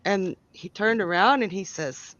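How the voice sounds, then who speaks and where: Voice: mid-range voice, unhurried, a bit bright, no room sound, muffled recording. A psychic tarot reader hosting a live stream, chatty and blunt, giving readings to callers. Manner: chatty, giggly, blunt and opinionated.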